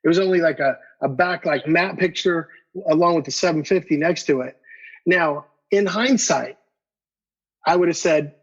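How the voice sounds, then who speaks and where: A guest collector with a fairly high-pitched voice tells a collecting story at a moderate pace in casual chat. He stumbles over repeated words and acts out both sides of a conversation, all on dull lo-fi podcast audio.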